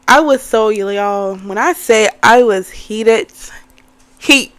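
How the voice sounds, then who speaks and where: A woman's voice: on the high side, slow pace, clear, resonant tone. Young woman venting in a vlog. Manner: animated, swearing, addresses viewers as y'all. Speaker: vlogger. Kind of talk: casual story time vlog.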